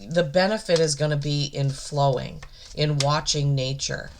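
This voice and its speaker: A woman's voice: deep voice, steady tone, a little mellow, slight background noise. A woman energy healer giving an oracle card reading, reverent and gushing, emotional and near tears. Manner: slow, reverent and gushing, often moved.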